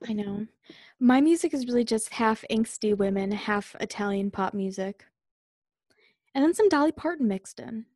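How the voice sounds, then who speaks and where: Young woman podcast co-host, casual chat, slightly high voice, dry close sound, self-deprecating. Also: lively intonation, normal speed, a little mellow, dry recording. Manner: chatty, self-deprecating, giggly. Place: home room, fan running.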